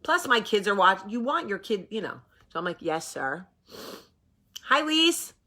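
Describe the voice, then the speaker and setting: A New Jersey woman in her forties hosts a vlog, chatting casually to camera in the morning. Her voice is a little high, bright and forceful, with big pitch swings at normal speed, and she acts out the voices of people in her anecdotes.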